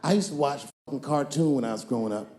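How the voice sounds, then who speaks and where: A middle-aged man doing profane, animated stand-up storytelling on stage before a live audience. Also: mid-range voice, fast, heavy background noise. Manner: animated, profane, acts out voices. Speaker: stand-up comedian. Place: comedy stage before a crowd. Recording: live club set with loud audience.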